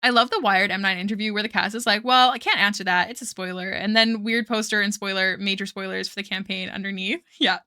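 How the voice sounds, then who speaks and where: Bright-voiced chatty young woman streamer. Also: medium pitch, fairly even intonation, fast talker, hardly any pauses. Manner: chatty and rambling, laughs often, reads chat aloud. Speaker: art streamer. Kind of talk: casual stream chat while drawing.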